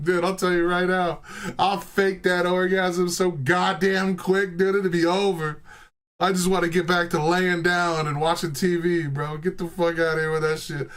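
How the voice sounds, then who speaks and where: A man's voice: high voice, flat delivery, normal speed, fairly bright tone. A young man giving a rambling, joking reaction commentary, swearing freely, laughing often and filling his talk with "bro" and "like.". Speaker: reaction streamer.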